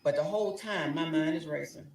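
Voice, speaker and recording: A woman's voice: deep voice, a little fast, a little mellow, very echoey, far from the mic, rough recording. A woman telling a story dramatically, acting out both sides of a quarrel. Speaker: guest telling her story. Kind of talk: animated storytelling.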